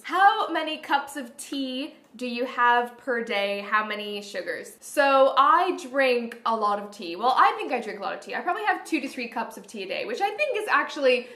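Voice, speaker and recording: A woman's voice: fairly high pitch, sharp tone. A Canadian woman vlogging, chatting upbeat to camera and thinking aloud as she answers questions. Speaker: beauty vlogger. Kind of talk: casual chat to camera. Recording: echoey room.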